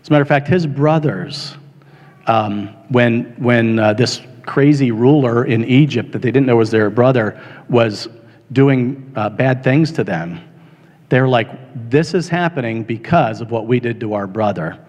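A male pastor giving a sermon in a conversational, halting way with many fillers, rising now and then to an impassioned retelling. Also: mid-range voice, darkish tone. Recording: long reverb of a large hall.

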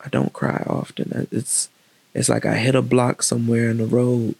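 A man telling a personal story in a candid, reflective, casual way, with halting restarts and pauses. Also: medium pitch, flat delivery, vocal fry, darkish tone, breathy edge, no room sound.

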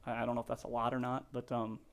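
A man's voice: mid-range voice, flat delivery, racing, gravelly. A middle-aged man, a real estate agent, talking in an earnest, openly sentimental way on a casual podcast interview. He rambles and restarts often.

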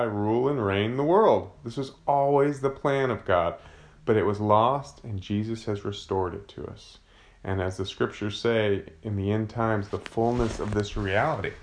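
A man, a father of young children, teaching an informal Bible study in a conversational way, often restarting and searching for words. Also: lowish voice.

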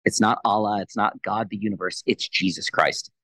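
A man in his thirties with a fairly low voice tells a personal faith testimony on a podcast. He retells a conversation in a quick, animated way, playing out both sides. The sound is dry and close to the mic. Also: dry recording, low-quality recording. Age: 30s. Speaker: Christian leader, podcast guest.

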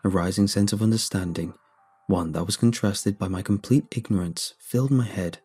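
A man narrating a horror story in a steady, measured way. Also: lowish voice, breathy edge. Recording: faint background music.

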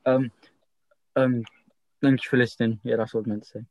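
A man's voice: mid-range voice, flat delivery, fairly quick, a little mellow, no room sound. A young man hosting a podcast, laid-back and swearing casually in crude banter with his friends. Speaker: podcast host.

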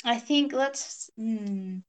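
A woman's voice: on the high side, drawn-out words, smooth. A woman playing in a tabletop role-playing game, asking about the rules and deciding her moves hesitantly. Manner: hesitant, thinking aloud. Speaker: player. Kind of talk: casual tabletop game play.

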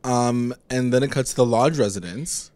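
Male co-host, casual recap chat, mid pitch, expressive and profane, dry sound. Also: moderate pace, no room sound. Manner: animated, swearing, acts out characters in quotes. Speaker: podcast co-host recapping a TV episode.

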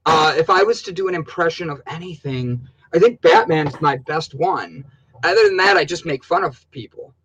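A man co-hosting a casual live stream, excitable, laughing often and calling out viewer names. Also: fairly high pitch, normal speed, a little hiss or hum, low-quality recording. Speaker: livestream co-host.

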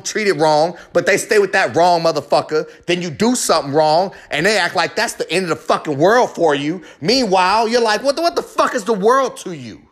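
A man's voice: high voice, a bit bright. A man delivering a confessional monologue in a heated, profane, emphatic rant, hammering home short repeated phrases.

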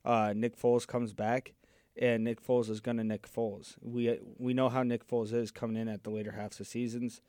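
A man's voice: lowish voice, darkish tone, dry recording, studio quality. A man co-hosting a casual sports chat, joking and playful.

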